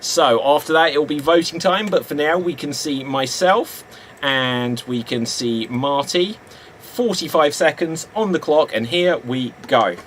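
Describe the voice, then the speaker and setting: A man's voice: fairly high pitch, measured pace, fairly bright tone, slight background noise. A man hosting a live-streamed improv show, announcing rounds and calling time through giggles.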